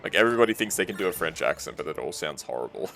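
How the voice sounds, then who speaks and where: Aussie streamer guy, really deep and gravelly, pitch swings all over, bit of music behind. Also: sing-song, racing. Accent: Australian. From Australia. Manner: chatty, reads chat aloud and muses, laughs often. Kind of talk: casual chat with live chat while gaming.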